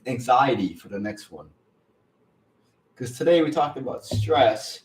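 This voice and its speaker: A man hosting a casual live stream, talking earnestly and haltingly, repeating himself and getting teary. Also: mid-range voice, reverberant, distant mic. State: teary, emotional.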